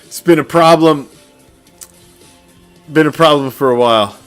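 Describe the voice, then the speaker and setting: A man's voice: a little high, a little slow, clear, resonant tone, soft background music. A man hosting a sports fan podcast, ranting in a profane, gloating way and laughing often. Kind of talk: fan reaction rant.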